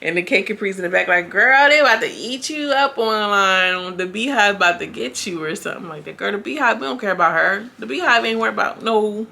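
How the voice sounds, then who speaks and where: This is a woman chatting through a reality show recap in an animated, slangy way. Her voice is bright and forward, and her pitch sits in a middle range. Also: quick pace, vocal fry, few pauses. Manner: animated, slangy, acts out cast quotes. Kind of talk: casual recap chat.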